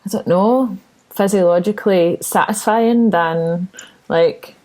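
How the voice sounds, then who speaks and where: Woman podcast host with a lowish voice. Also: a little slow. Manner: chatty, relaxed questioning. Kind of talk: casual interview chat.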